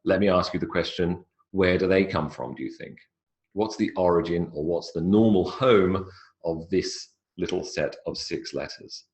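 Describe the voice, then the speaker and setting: A man's voice: deep voice, normal speed, a little mellow. A man giving a live online English pronunciation lecture in a chatty, explanatory way. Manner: chatty, explanatory, stretches words for emphasis.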